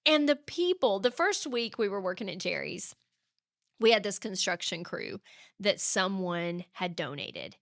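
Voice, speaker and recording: A woman's voice: mid-range voice, expressive, unhurried, creaky, dry recording, clean studio sound. A woman guest in an interview, telling stories with animation and acting out the voices of the people in them. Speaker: guest author. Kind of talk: conversational storytelling interview.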